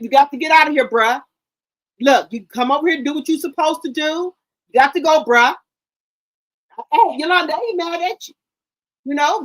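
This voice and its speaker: High-voiced chatty woman talking to viewers. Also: rough recording. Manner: loud, chatty, swears freely, repeats herself. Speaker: gossip channel host. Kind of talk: casual chat to camera.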